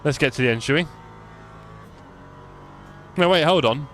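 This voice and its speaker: A man's voice: on the high side, a little slow, a bit bright, a little hiss or hum. A young man live-streaming sim racing, chatty and self-mocking, calling the race as he drives.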